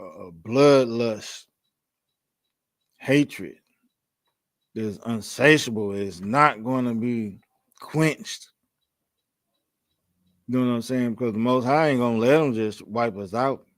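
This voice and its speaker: A man of middle pitch leads a class, reading scripture and then explaining it in plain, earnest speech. His voice is close and dry, with no room sound around it. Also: no room sound. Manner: earnest, plain, quotes the Bible.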